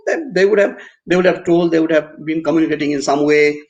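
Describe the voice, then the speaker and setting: A man's voice: fairly high pitch, fast talker. A man with an Indian English accent giving an online university lecture, often restarting his phrases and acting out examples. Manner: repetitive restarts, animated acted examples. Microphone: computer mic on a video call. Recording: dull lo-fi online class audio.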